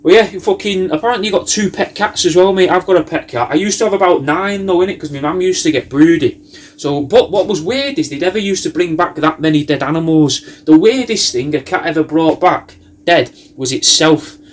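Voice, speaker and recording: Brief: male comic, pitched a little high, rambling and sweary, spinning absurd tangents. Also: a little fast. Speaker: comedian recording a personalised video message.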